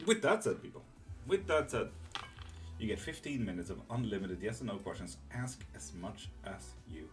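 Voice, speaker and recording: A deep-voiced man hosts a live tarot stream, talking loosely and rambling through his thoughts with plenty of fillers and casual swearing. Faint music plays quietly under his voice. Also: animated, moderate pace. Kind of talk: casual live-stream chat reading comments.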